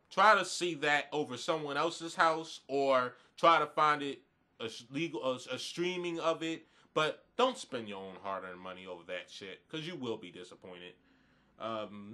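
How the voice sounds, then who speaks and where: Bright-voiced man ranting with profanity. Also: medium pitch. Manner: blunt, profane, rambling with frequent restarts. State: groggy this morning. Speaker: wrestling reviewer. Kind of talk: casual video review rant.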